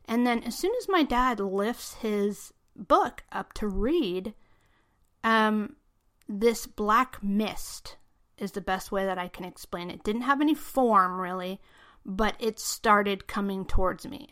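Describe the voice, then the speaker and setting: A woman's voice: medium pitch, a bit bright. A woman hosting a podcast, casually telling a true story from her life, with many "you know" and "okay?" asides. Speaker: podcast host.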